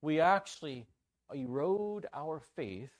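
With a voice on the high side and a slow delivery, a man preaching at a church conference brings a story to life energetically, voicing the characters himself.

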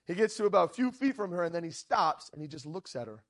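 A man's voice: high voice, quick pace. A male preacher telling a story in a sermon, acting out the quoted lines and often checking in with "right?". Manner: animated storyteller, frequent "right?" asides, acts out quoted lines. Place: church.

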